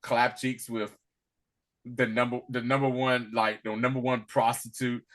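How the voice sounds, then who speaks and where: A man co-hosting a podcast, retelling a TV episode in casual slangy chat, acting out scenes and laughing often. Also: measured pace. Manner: drops to a low murmur when quoting, jumps high and loud when excited. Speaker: podcast co-host recapping a TV episode.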